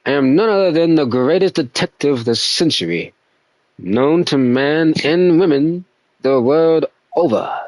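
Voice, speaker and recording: A man's voice: on the high side, lively intonation, a little slow, a little mellow, no room sound, pitched above the performer's own voice. A man voicing a grand, pompous male detective with a put-on English accent, reading game dialogue aloud. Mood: grandiose. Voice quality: grandiose, theatrical delivery.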